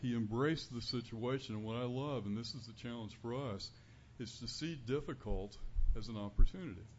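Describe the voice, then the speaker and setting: A man giving an earnest, conversational sermon as a preacher in a church, building to louder emphasis on key points. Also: medium pitch, moderate pace. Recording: dull lo-fi recording with faint room noise.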